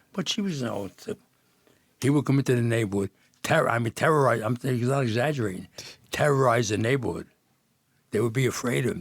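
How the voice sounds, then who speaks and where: A man's voice: lowish voice, vocal fry, husky, dry recording. An older man from Jersey City, a podcast guest, telling rambling old neighborhood stories with many restarts and laughs. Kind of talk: storytelling in casual chat.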